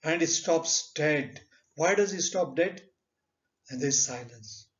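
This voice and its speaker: A man with an Indian English accent teaching a literature lesson, speaking slowly and deliberately and asking rhetorical questions. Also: a little high, lively intonation, a bit bright. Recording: dull lo-fi recording.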